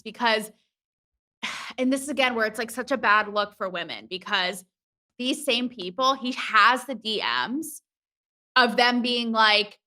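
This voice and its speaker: An outspoken woman speaking as a podcast guest, frank and quick to swear. Her voice is bright and forward, pitched a little high for a woman. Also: animated. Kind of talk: casual chat.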